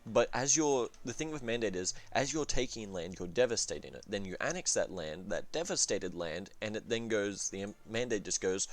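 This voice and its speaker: Man, game reviewer, casual commentary, swears a lot, lots of fillers, low pitch. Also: animated, moderate pace, few pauses. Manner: rambling, profane, full of fillers and self-corrections.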